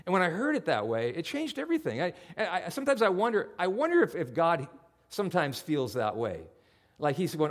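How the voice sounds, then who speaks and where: A man preaching a sermon as pastor, in an animated, conversational storytelling way. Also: on the high side, brisk.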